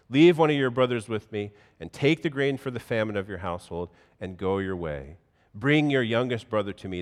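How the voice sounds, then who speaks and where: A pastor reading scripture aloud in a measured, solemn way, then preaching a sermon in a church. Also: male voice, medium pitch. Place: church sanctuary. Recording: long hall reverb.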